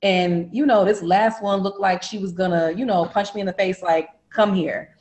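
A woman in casual chat, telling a long personal story with lively, cursing, raised-voice quotes of the people in it. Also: mid-range voice, normal speed. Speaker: storyteller guest.

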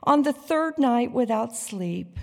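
A woman narrating a dramatic story in an expressive, deliberate way. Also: a little high, gravelly. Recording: long hall reverb.

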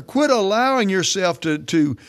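A man preaching a sermon, emphatic and declaring, often slowing down to stress his words. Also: high voice, animated, vocal fry.

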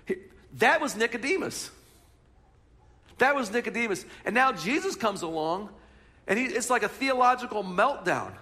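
Male pastor, high and bright tone, animated sermon delivery. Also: moderate pace, long pauses. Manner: animated storytelling, talks to the congregation.

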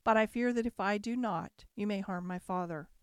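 A woman's voice: medium pitch, moderate pace, clean tone, no room sound, studio quality, natural voice. A woman voicing a kind, earnest young maiden in a storybook reading, speaking in a sincere and pleading way.

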